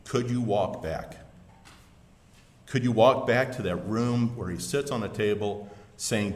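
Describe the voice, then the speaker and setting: A man preaching a sermon, telling a story with dramatic swells and sudden quiet drops. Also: medium pitch, measured pace. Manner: dramatic storytelling, swelling then dropping to a hush. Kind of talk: sermon illustration told as a story. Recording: echoey hall with long reverb.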